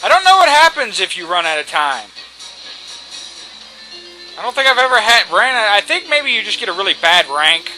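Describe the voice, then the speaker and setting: A man's voice: high voice, sing-song, moderate pace, long pauses, pushed and bright, low-quality recording. A man giving casual, cocky, joking commentary while playing a video game, swearing freely. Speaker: let's play commentator. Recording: game music behind.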